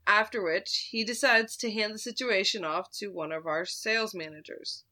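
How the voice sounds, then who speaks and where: A woman's voice: mid-range voice, moderate pace, bright, forceful tone. A woman host casually telling a story from her retail job, laid-back, swearing freely and laughing at her own tale.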